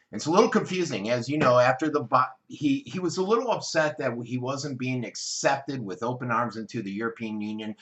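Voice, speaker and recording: A man's voice: medium pitch, fairly bright tone. An American man giving casual, opinionated online news commentary, rambling and correcting himself as he goes.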